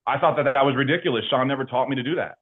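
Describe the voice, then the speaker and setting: A man talking casually as an interview guest about his work, animated and slangy, with lots of fillers. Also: mid-range voice, rapid-fire, husky. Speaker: insurance agency leader and guest. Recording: tinny phone-like line.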